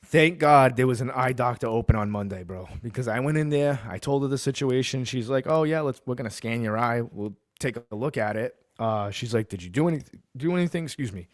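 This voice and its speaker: A man's voice: medium pitch, brisk, hardly any pauses, no room sound. A man hosting a sports talk stream, talking in a plain mid-range voice. He rants with heat and tells stories casually. The sound is dry and close, with no room around it. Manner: heated ranting, then relaxed storytelling. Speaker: podcast host.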